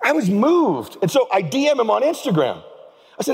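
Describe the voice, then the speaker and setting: A man's voice: very high voice, huge pitch swings, moderate pace, vocal fry, darkish tone, slightly rough. A man giving a motivational keynote speech on a large event stage, telling stories with energy and emphasis. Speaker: keynote speaker. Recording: echoing large hall.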